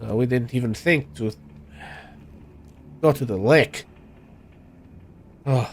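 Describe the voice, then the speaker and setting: A man's voice: medium pitch, takes it slowly, slight background noise, pitched below the performer's own voice. A man voicing a wary village father who speaks in broken, clipped English and bluntly drops small words. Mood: subdued.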